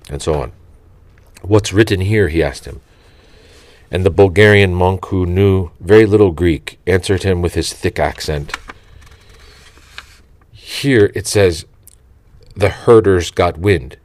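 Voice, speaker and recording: A man reading a saint's life aloud in a slow, reverent, measured way. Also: low-pitched, no echo. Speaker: audiobook reader.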